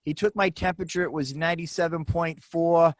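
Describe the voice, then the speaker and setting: A man's voice: fairly high pitch, steady tone, a little fast, no room sound. A man chatting as a guest on a video call, telling a rambling story with restarts. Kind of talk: casual chat.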